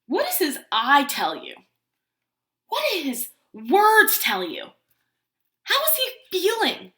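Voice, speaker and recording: A preschool teacher reads a picture book aloud to young children, stopping often to ask them questions. Her voice is high and bright with lively swings in pitch. The room adds a noticeable echo. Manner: animated, asks children questions. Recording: roomy echo.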